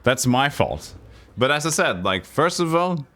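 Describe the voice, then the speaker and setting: A Norwegian man streaming a puzzle game, thinking aloud in halting, self-correcting English. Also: medium pitch, very animated, bright, forceful tone. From Norway. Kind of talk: live game commentary.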